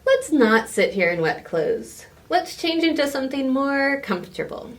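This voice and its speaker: A woman voicing a bossy wizard's wife in a storybook read-aloud, with a bright, emphatic sing-song delivery. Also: high-pitched, big pitch swings, normal speed, distant mic, voice pushed up. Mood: playful scolding.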